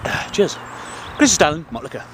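An English vlogger in his forties with a Northern accent talks in a high-ish, sing-song voice at a moderate pace. He's outdoors on seaside sand dunes, out of breath from the climb, rambling through a crude, jokey vlog over a noisy background.

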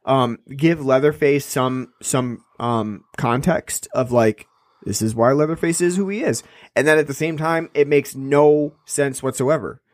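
A man's voice: medium pitch, measured pace, dry recording. Rambling man on a dry mic. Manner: rambling, frequent restarts and fillers. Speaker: podcast co-host. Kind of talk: casual film review chat.

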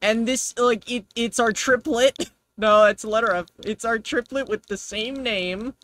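A man's voice: extremely high pitch, measured pace, a bit bright, no room sound. A man hosting a casual let's play, joking and rambling as he repeats himself over the game. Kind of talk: casual gameplay commentary.

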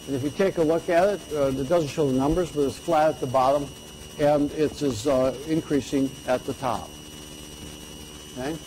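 Older guy lecturing on economics, keeps saying okay?, mellow slightly high voice, faint room hiss. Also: steady tone, normal speed, poor audio. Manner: conversational, punctuates points with "okay?". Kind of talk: lecture to an audience.

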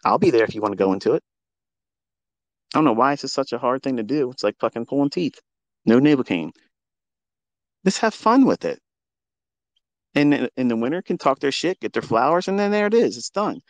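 A man's voice: medium pitch, very animated, a little fast, pauses often, no room sound. Guy ranting and cussing on a live audio stream, taunting, pretty dry close sound. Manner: combative, taunting, heavy swearing. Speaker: trading educator hosting a live audio room. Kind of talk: profane ranting monologue. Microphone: remote audio call.

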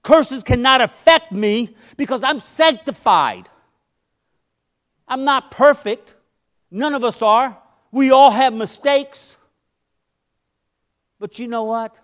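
A middle-aged man delivers a sermon from the pulpit with a strikingly high voice. He preaches with passion, pushing hard on key points and then pulling back into hushed asides. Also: sing-song, slow, pauses often. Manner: impassioned, swinging between loud emphasis and hushed asides. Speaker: pastor.

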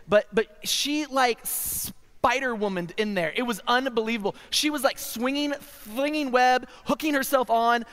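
A man with a very high, bright voice tells a funny story from a chapel pulpit, often asking "right?". His voice rings through a large, reverberant hall. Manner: comic, animated storytelling with frequent "right?" asides. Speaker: chapel speaker. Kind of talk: humorous storytelling sermon.

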